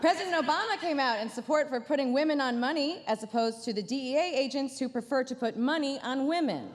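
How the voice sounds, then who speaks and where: A woman's voice: high-pitched, animated, fast, long reverb tail, a little hiss or hum. A woman comedian doing a stand-up roast at a banquet dinner, with a dry, sarcastic delivery and playful asides. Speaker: comedian headlining a gala dinner. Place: large banquet hall.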